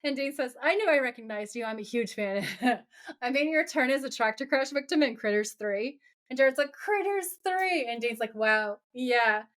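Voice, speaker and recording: A podcast co-host with a slightly high, slightly fast voice runs through a TV episode in a casual recap. She acts out the dialogue with animation, quoting the scenes as she goes.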